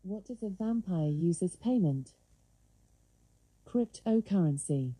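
A low, dark, husky synthetic voice of a female smart speaker assistant, a woman acting it, delivering words very slowly and evenly. It sounds played from a speaker across the room. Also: heavily acted, low-quality recording. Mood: joking. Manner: flat, measured synthetic delivery.

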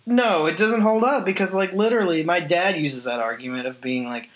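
A man's voice: high-pitched, brisk. A man hosting a casual podcast, joking sarcastically and swearing as he talks. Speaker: podcast host.

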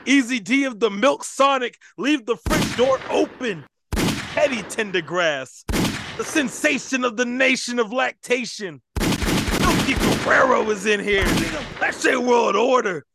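Very high gravelly hype announcer man. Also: lively intonation, unhurried, heavy background noise. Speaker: podcast co-host. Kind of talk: wrestling-style hype intro.

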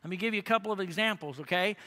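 A man's voice: sits high, very fast, sharp tone. A middle-aged man preaching, telling a family story in a folksy, rambling way with many asides and tag questions. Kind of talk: sermon storytelling.

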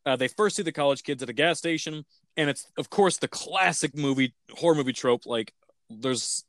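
A man's voice: on the high side, normal speed, fairly bright tone, dry recording, clean studio sound. A man hosting a casual podcast, talking enthusiastically and rambling with tangents. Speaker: podcast host reviewing films. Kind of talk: casual chat.

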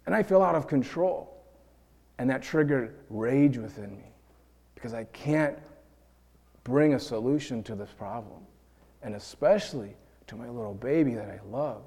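A man's voice: mid-range voice, moderate pace, dark tone, breathy edge. A man in his thirties preaching a sermon in an earnest way, building to emotional peaks. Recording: long hall reverb.

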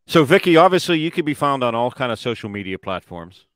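A man's voice: mid-range voice, big pitch swings, quick pace, fairly bright tone, dry recording. A man hosting a casual podcast interview who jokes with his guests and wraps up the show with plugs. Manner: chatty, joking, promotional wrap-up. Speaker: podcast host.

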